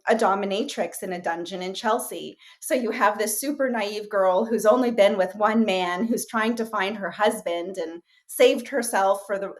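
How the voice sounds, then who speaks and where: A woman actress and writer talking in a casual interview, animated and chatty with lots of fillers and quick asides. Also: medium pitch.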